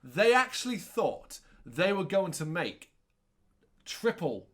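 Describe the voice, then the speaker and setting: A man's voice: high-pitched, big pitch swings, takes it slowly, a bit bright. A man co-hosting a casual film chat, sarcastic and ranty, often correcting himself mid-sentence and swearing. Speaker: co-host reviewing a film.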